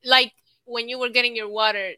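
A woman co-hosting a casual podcast, chatty and quick to laugh. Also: on the high side, little pitch movement, sharp tone, smooth, dry recording. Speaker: podcast co-host.

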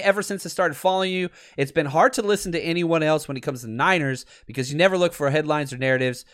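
A man's voice: a little high, fairly bright tone. A man hosting a football podcast livestream, talking casually and animatedly to his chat and laughing often. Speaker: podcast host; teacher and football coach.

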